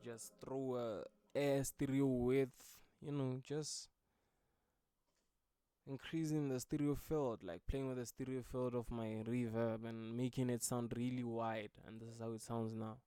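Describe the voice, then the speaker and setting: A man's voice: medium pitch, little pitch movement, a little slow, dark tone, clear, resonant tone, dry recording, clean studio sound. A man, a music producer, talking through his vocal mix in a loose, casual tutorial way with many fillers. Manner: laid-back, loose, with frequent fillers.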